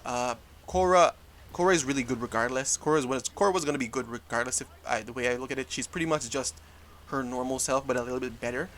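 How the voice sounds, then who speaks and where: A man's voice: mid-range voice, quick pace, a bit bright, slight background noise. Casual man narrating gameplay. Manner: casual, rambling, frequent self-corrections. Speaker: gaming YouTuber. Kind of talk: gameplay commentary voice-over.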